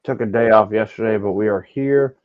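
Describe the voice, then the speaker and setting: A man's voice: on the low side, brisk. A man hosting a casual sports betting podcast, joking around with his co-hosts and stumbling over words now and then. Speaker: podcast host. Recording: slightly dull lo-fi audio.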